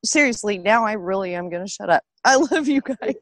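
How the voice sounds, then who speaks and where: A woman's voice: medium pitch, fairly quick, dry recording. A middle-aged woman on a casual panel chat, laughing often and poking fun at herself. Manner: laughs often, lively and self-mocking.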